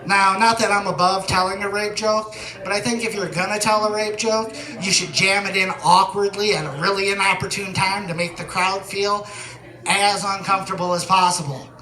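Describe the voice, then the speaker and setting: A man performing a stand-up comedy set, telling deadpan stories that build to shouted punchlines. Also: sits high, moderate pace, reverberant. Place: comedy venue stage.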